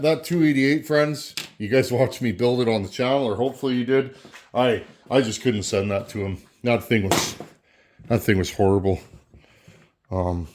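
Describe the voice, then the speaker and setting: A man's voice: fairly low pitch, a little mellow, slight background noise. A Canadian man, host of a chainsaw channel, chatting casually and folksily to camera while working on a saw, often repeating a word as he goes. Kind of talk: casual workshop talk to camera.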